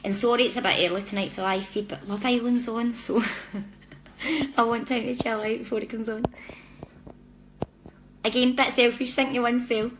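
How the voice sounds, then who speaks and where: A woman's voice: on the high side, steady tone, moderate pace, noisy background. A woman hosting a live-stream psychic reading, talking chattily and apologetically straight to her viewers. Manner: chatty, warm-hearted, apologetic, speaks directly to viewers. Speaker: psychic reader.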